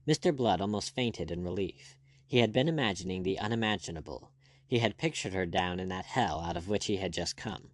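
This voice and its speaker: A man reading an audiobook aloud in a steady, measured way. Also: low voice, dry recording. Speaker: audiobook narrator. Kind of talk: scripted narration.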